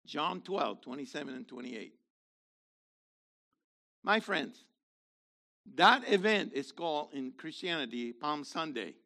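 Gravelly, fiery preacher in his seventies. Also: animated, slow, long pauses. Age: 70s. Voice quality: gravelly, worn voice. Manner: fiery, swings from low murmurs to shouted exclamations. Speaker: messianic rabbi. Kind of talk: sermon.

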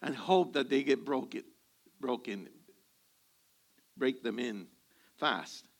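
A man's voice: medium pitch, takes it slowly. A male pastor preaching to a congregation, telling humorous stories and acting out bits of dialogue. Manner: humorous storytelling, acts out dialogue. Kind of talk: sermon.

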